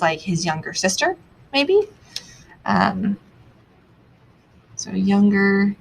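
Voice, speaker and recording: A young adult woman teaching, annotating a text aloud as she reads, thinking out loud with many pauses. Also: medium pitch, gravelly, a little hiss or hum, rough recording.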